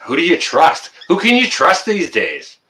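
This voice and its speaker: A man chatting casually on a livestream, his voice swinging up and down as he rants and then calms to apologize. His tone is bright and sharp. He sits a little back from the microphone. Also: on the high side, measured pace, recorded from a distance. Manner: ranting, gets worked up then apologizes. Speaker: livestream host reading viewer comments.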